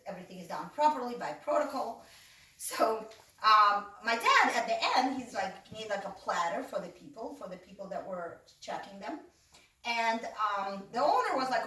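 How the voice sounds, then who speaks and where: A woman's voice: medium pitch, sharp tone. A woman telling comic stories in a casual way, laughing often and acting out the voices of her family. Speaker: storyteller. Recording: roomy sound from a distant mic, faint noise.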